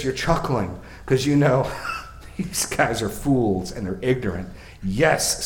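Delivering an expository sermon, a medium-pitched male pastor moves from soft, slow comments to loud, forceful readings and dramatized quotes. The sound is roomy.

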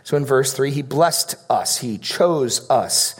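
A man preaching a sermon, reading scripture aloud and unpacking it verse by verse. He speaks with emphasis, repeating phrases, and moves between quick asides and slow, stressed lines. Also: mid-range voice, lively intonation, breathy edge. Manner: emphatic, repeats phrases with rising and falling force. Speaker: pastor.

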